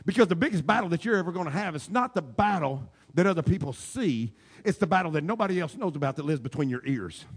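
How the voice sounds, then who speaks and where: A male pastor preaching a sermon in a booming voice, shouting his points and then dropping to quiet asides. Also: gravelly, husky. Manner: shouting preacher, swings from loud to low asides.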